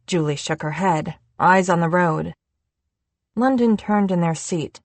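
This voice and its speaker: A woman reading an audiobook in a measured, unhurried scripted narration. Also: on the low side, no echo.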